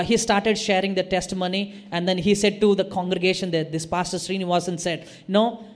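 A man retelling a testimony story, hesitant and full of fillers. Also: high-pitched. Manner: hesitant, full of "uh" and "you know".

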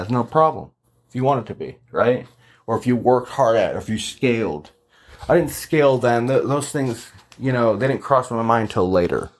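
Man, lowish voice, casual storytelling, chatty, lots of fillers, acts out quotes.

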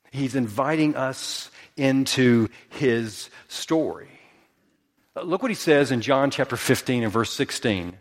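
A male pastor preaching a sermon, rising to high emphatic peaks and then dropping to soft, slow lines. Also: expressive. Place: church sanctuary. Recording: long hall reverb.

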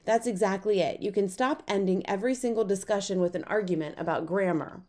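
A woman's voice: medium pitch, brisk, mellow, natural voice. A woman voicing a practical, impatient young boy in an audiobook, talking in a matter-of-fact, teasing way.

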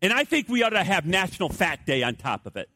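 An older man, a pastor, preaching a sermon with animated storytelling that swings between loud emphasis and hushed, quiet passages. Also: high-pitched, quick pace, no room sound.

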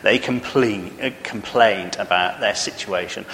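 Bright-voiced preacher in an echoing church. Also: male voice, mid-range voice, unhurried, few pauses, slight background noise. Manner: earnest, conversational, asks the congregation questions. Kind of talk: sermon.

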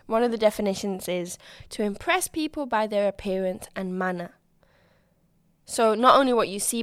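A young woman runs her own podcast in a chatty, bubbly style, restarting her sentences as she goes. Her voice is loud and high-pitched and jumps up further when she gets excited. The sound is close and dry, with no room echo. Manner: bubbly and chatty, with frequent restarts and acted-out quotes. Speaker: podcast host. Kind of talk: casual solo podcast chat.

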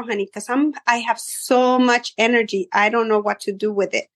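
A woman hairstylist telling stories about her clients, animated, acting out their voices, with many fillers. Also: on the high side, normal speed. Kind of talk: casual storytelling interview.

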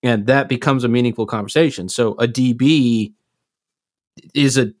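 A man's voice: medium pitch, normal speed, dry recording, clean studio sound. A man co-hosting a casual podcast, talking in an earnest, reflective way with some loose swearing. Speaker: podcast co-host, live sound engineer. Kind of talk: casual chat.

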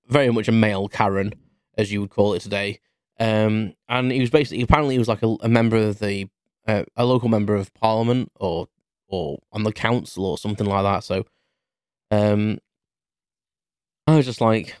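A man's voice: fairly low pitch, fast talker, dry recording, studio quality. A British man in his thirties, a podcast host rambling through a casual story with many restarts. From United Kingdom.

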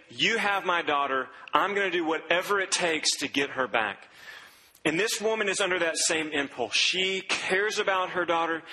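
A man's voice: high voice, pushed and bright, big-room sound, low-quality recording. A man preaching a sermon in a conversational way, quoting scripture and acting out what people said. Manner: conversational preaching, quotes scripture and acts out voices. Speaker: pastor.

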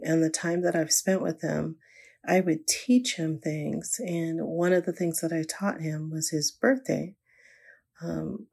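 A woman's voice: deep voice, gravelly, warm tone, slightly rough. An older woman, a grandmother, telling an earnest, reflective faith story about her grandson. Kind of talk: inspirational personal storytelling.

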